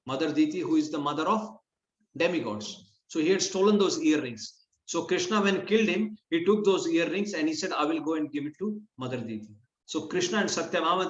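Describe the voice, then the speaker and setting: A man telling a scripture story in a conversational class style, often restarting his sentences. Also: fairly high pitch. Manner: conversational, with frequent restarts and lively acted quotes. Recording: dull, roomy lo-fi recording.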